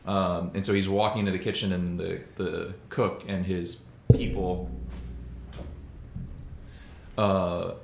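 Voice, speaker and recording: A deep-voiced man talks through a movie's plot in a loose, rambling podcast chat, often pausing on "uh" and "um". His voice carries a roomy echo with a faint hiss in the background, and he sounds easygoing. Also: level tone, creaky. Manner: rambling recap with fillers and laughs. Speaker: podcast co-host. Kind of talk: casual film discussion. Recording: roomy echoey room with faint noise.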